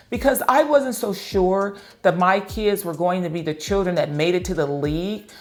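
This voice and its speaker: A middle-aged woman hosting her channel, talking earnestly and directly to parents and telling personal stories as advice. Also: on the low side. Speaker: channel host. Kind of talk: personal advice talk to camera.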